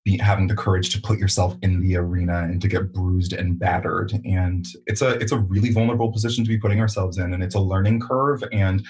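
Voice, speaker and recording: A man's voice: low voice, fairly even intonation, fast talker, few pauses, darkish tone, poor audio. A man hosting a podcast, speaking thoughtfully and with affirmation. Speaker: podcast host. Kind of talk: podcast conversation.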